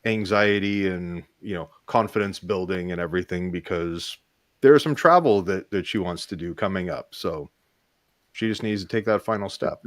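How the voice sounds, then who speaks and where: A man's voice: low voice, normal speed, no echo. Dry-sounding male co-host, agreeable. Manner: agreeable, stammering restarts. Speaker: podcast co-host. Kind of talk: casual live podcast chat.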